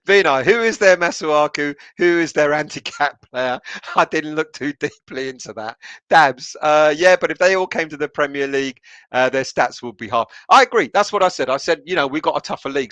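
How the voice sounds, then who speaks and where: A man from England hosts a relaxed live stream and works through viewer comments one by one. His voice sits a little high and sounds bright and forward. The sound is dry and close, and his delivery is loose, with many fillers and false starts. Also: a little fast, smooth, no room sound. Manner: chatty, laughs often, many fillers and restarts. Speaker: podcast host reading live chat comments. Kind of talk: casual live-stream chat.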